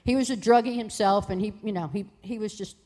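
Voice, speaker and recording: A woman guest telling a personal testimony in a lively way, acting out the voices of people in her story. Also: mid-range voice, fast talker. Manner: lively, acts out voices in quoted dialogue.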